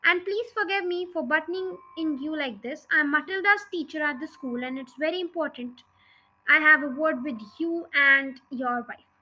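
A woman reading aloud as a resolute young storybook schoolteacher who stays polite but firm. The voice is high and bright. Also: moderate pace, poor audio.

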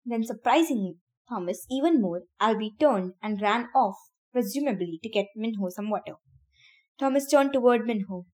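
A woman with a somewhat high voice reads a novel aloud for her podcast in a casual, friendly way. She keeps stepping out of the text to laugh and share her own thoughts with listeners before she picks up the reading again. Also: expressive, moderate pace, a little mellow. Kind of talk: casual read-aloud with chatty asides.

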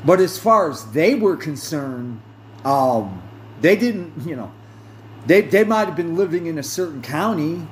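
A man hosting a podcast, talking in a slow, rambling monologue with many fillers and self-corrections. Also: fairly high pitch, very animated, slight background noise. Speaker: podcast host. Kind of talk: casual monologue.

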